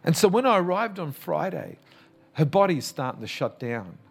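A man's voice: on the high side, big pitch swings, moderate pace, vocal fry, slightly rough. Impassioned man preaching a sermon. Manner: impassioned, emphatic preaching with rising calls; conversational storytelling with repeated restarts. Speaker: pastor.

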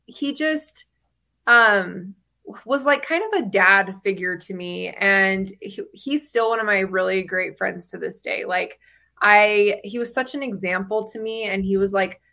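A woman's voice: mid-range voice, sharp tone. A woman in her thirties sharing her personal story as a podcast guest, chatty, with frequent fillers and laughs between phrases.

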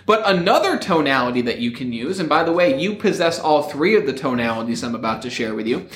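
A man coaching public speaking in an energetic, upbeat teaching style, often lifting his sentences at the end. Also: mid-range voice, fast talker, hardly any pauses, echoey room. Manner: energetic, rising upbeat intonation. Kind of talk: upbeat motivational teaching to camera.

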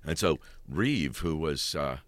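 A middle-aged stage actor telling backstage stories in casual chat, animated and often laughing. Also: male voice, rumbling low, slow pace, no echo.

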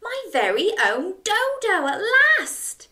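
A woman voicing an eager little boy in a storybook, with a high, drawn-out, pleading delivery. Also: wildly swooping pitch, bright, forceful tone, full character voice. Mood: wishful. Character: excitable little boy, eager and wide-eyed. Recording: roomy, from a distance.

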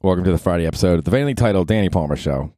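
A man's voice: deep voice, animated, very fast, mellow, dry recording, studio quality. A man hosting his own podcast in a casual, rambling, profane and jokey monologue. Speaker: podcast host. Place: New York.

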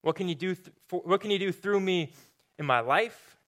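A man preaching a sermon in a relaxed, conversational way, often repeating words, then leading a prayer. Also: high voice, moderate pace. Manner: casual, repeats words, filler-heavy preaching. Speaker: pastor.

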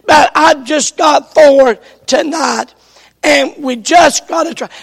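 A male preacher delivering an emphatic sermon in a church, his voice strained and interrupted by coughs, repeating his refrain and rising to shouts. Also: very high-pitched, steady tone, takes it slowly, vocal fry, long reverb tail. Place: church sanctuary.

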